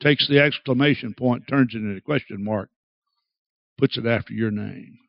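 A man preaching a sermon, dramatic and acting out quoted voices with big swings in pitch. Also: normal speed, vocal fry, dry recording, lo-fi sound. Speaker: pastor.

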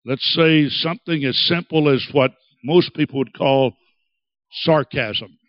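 A man preaching a sermon, dramatic and acting out quoted voices with big swings in pitch. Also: unhurried, no echo, highs cut off. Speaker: pastor.

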